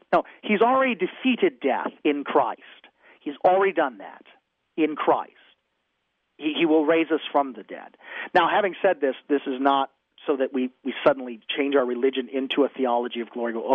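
A man's voice: mid-range voice, moderate pace, no room sound, phone-quality sound. A man who is a pastor, speaking earnestly on a radio talk show, repeating phrases for emphasis and restarting often.

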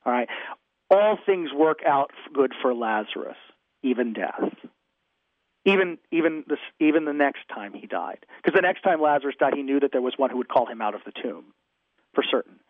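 A man's voice: mid-range voice, animated, normal speed, no echo, narrow, tinny audio. A man who is a pastor, speaking earnestly on a radio talk show, repeating phrases for emphasis and restarting often.

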